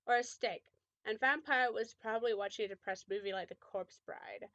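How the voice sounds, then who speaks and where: A woman's voice: medium pitch, moderate pace, fairly bright tone, no room sound, lo-fi sound. A young woman reading a fan fiction aloud with mock drama, often breaking off to make sarcastic remarks.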